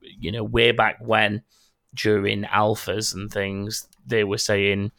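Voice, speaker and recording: A man's voice: fairly low pitch, completely flat delivery, slow pace, creaky, pushed and bright, no room sound, studio quality. A man hosting a casual gaming news chat, rambling with many ums and restarts. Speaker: podcast host.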